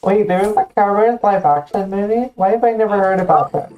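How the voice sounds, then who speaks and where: A woman's voice: mid-range voice, fairly quick, muffled recording. A woman hosting a stream, chatting casually with a friend and joking playfully. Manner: playful, jokey banter. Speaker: streamer host. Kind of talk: casual chat on a game stream.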